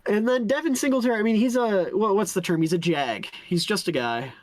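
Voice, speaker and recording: Chatty podcast co-host, mid-pitched, dead dry mic, opinionated and laughy. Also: brisk, dry recording. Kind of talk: casual sports chat. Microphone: own desk mic.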